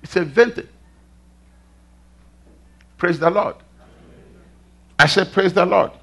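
Male preacher, high lively voice, bright tone, sermon delivery. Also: slow pace, gravelly, husky. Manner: animated, calls to the congregation, rhetorical questions.

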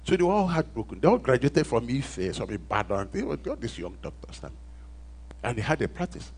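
A man with a Nigerian accent preaching a storytelling sermon, dropping to hushed asides and rising to loud emphatic calls, asking the congregation for responses. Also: medium pitch, very animated, fairly quick.

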